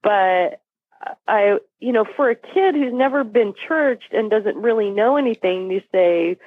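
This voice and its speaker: A woman's voice: medium pitch, lively intonation, a little slow, dry recording. A woman guest retelling a personal story vividly, acting out what people said. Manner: vivid retelling, acts out dialogue. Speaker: podcast guest. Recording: phone-like dry line.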